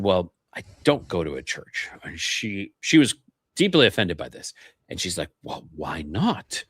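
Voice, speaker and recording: A man's voice: lowish voice, a bit bright, no echo, clean studio sound. A man from Canada, a podcast guest, telling a personal story in a casual, earnest way and acting out the remembered dialogue.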